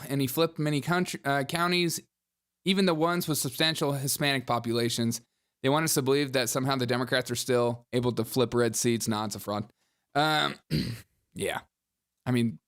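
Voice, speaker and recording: A man's voice: medium pitch, fairly even intonation, normal speed, a bit bright, smooth. A man hosting a live-streamed political commentary show, reading headlines and super chats with sarcastic jokes and frequent laughter at his own lines.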